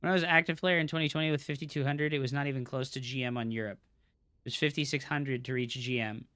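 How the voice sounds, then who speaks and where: A male live game streamer and coach talking straight to his viewers. His voice is bright and pushed forward, and he rants at chat, heavy on swearing and scolding. The sound is dry, with almost no room around it. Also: mid-range voice, steady tone, fast, smooth, no room sound. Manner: angry profane ranting at chat.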